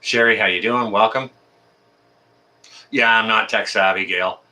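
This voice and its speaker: Casual male livestream host, bright voice, friendly, halting, filler-heavy. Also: lowish voice, fairly even intonation. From Canada. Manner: friendly, chatty, many ums and uhs. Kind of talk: casual live chat greeting viewers.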